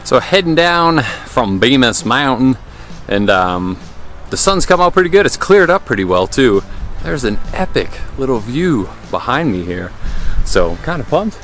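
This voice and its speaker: A hiking vlogger chats casually to his camera on a mountain trail, easygoing and upbeat, with lots of ums and uhs. His mid-range voice swings widely in pitch and has a fairly bright tone, at a normal pace. Soft music plays in the background.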